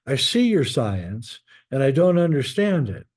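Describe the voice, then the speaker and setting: A man voicing a shrewd ancient prophetess who answers coolly and dryly, in his own dark voice. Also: mid-range voice, big pitch swings, measured pace, husky. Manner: dry, unimpressed.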